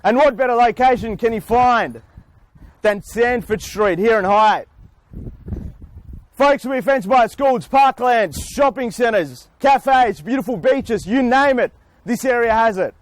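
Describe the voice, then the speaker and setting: A man, an auctioneer, speaking outdoors in front of a house with booming salesman patter and long theatrical pauses. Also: animated. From Australia. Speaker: real estate auctioneer.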